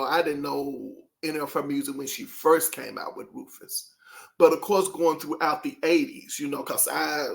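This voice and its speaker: A man's voice: a little high, vocal fry, fairly bright tone. A man hosting his own channel, talking casually and rambling to his viewers, throwing out rhetorical questions. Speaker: channel host.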